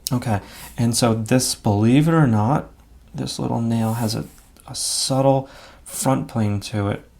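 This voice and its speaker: A man's voice: mid-range voice, a little slow, gravelly, darkish tone. A man giving a live drawing lesson, talking casually and thinking aloud as he sketches, with frequent fillers. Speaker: drawing instructor.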